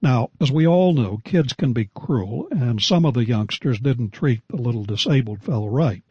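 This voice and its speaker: Older male radio preacher, husky voice, deliberate sermon delivery, dry and slightly dull recording. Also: medium pitch, expressive, no room sound. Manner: measured, deliberate delivery with slowed emphasis.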